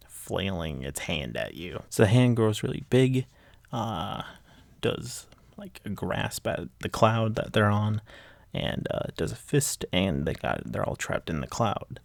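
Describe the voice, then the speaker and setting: A man's voice: on the low side, very animated, measured pace, vocal fry, no echo. A man giving a casual, rambling recap of a manga chapter, full of fillers and repeated enthusiasm.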